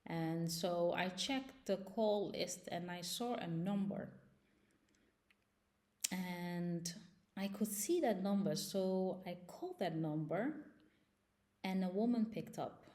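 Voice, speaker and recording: A woman's voice: on the low side, slow, pauses often, darkish tone. A young woman vlogger recounting a personal ordeal, agitated, with frequent fillers and restarts. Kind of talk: personal storytelling.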